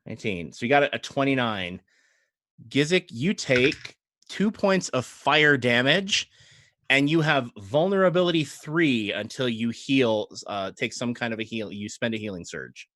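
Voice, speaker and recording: A man narrating as game master, rambling and relaxed, with many fillers. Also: mid-range voice, measured pace, no room sound, studio quality.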